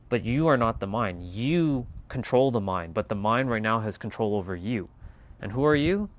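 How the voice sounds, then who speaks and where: A man's voice: on the low side, normal speed, slight background noise. Swearing, emphatic man on a livestream. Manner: emphatic and repetitive, with casual swearing. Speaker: channel host. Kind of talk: casual motivational livestream monologue.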